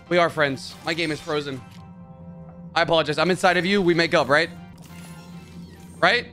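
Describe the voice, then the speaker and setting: A man narrating a horror game let's-play, joking, swearing and yelling when startled. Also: fairly high pitch, normal speed, long pauses, faint music behind. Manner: jokey, swears, mutters, yells when startled. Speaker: gaming YouTuber.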